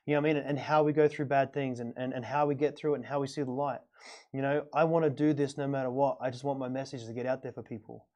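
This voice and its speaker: A man's voice: medium pitch, little pitch movement, quick pace, a little mellow. A man talking as a guest in a casual conversation, earnest, repeating himself and often restarting his sentences. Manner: earnest, repetitive, stammering restarts.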